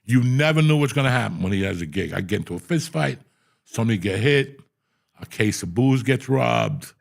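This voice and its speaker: A man's voice: medium pitch, expressive, a little fast, creaky. A man guest telling profane, blunt stories in a casual interview. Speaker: guest comedian.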